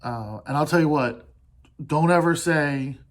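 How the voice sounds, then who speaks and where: A man hosts a solo podcast, giving a candid monologue in an earnest, halting way full of restarts and pauses, swearing casually as he opens up. His voice is a little high.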